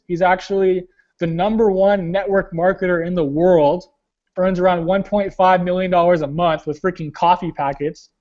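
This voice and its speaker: Blunt high-voiced young man coaching. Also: darkish tone, dull audio. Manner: blunt, casual, slangy, keeps saying "guys". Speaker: team leader hosting a weekly call. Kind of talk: motivational coaching talk. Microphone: webinar call.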